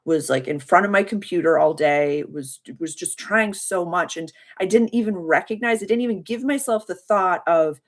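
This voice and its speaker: A woman's voice: lowish voice, moderate pace, few pauses. A woman hosting a live call as a spiritual coach, telling a story in a heartfelt, rambling, emotional way and thanking her viewers. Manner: addresses viewers by name and thanks them warmly. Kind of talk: casual livestream chat.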